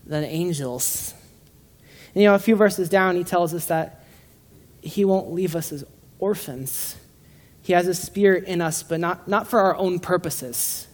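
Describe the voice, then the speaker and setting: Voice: mid-range voice, measured pace. A preacher giving an informal, joking sermon to a room of listeners, often stumbling and restarting phrases. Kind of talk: casual conversational sermon. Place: room with a live congregation.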